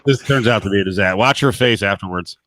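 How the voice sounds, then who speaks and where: A man's voice: lowish voice, fast talker. A man hosting a radio show in casual banter, making wry, rambling asides.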